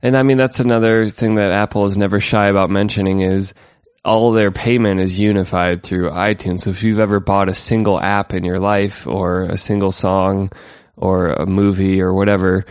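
A man's voice: deep voice, little pitch movement, moderate pace, hardly any pauses, a little mellow, clear, resonant tone, no echo, studio quality. A man co-hosting a casual tech podcast, chatty and sarcastic, laughing often. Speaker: podcast co-host.

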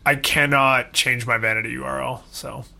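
A young man co-hosting a podcast in casual chat, full of fillers and quick asides. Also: mid-range voice, fairly even intonation, vocal fry, bright, forceful tone. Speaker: podcast co-host.

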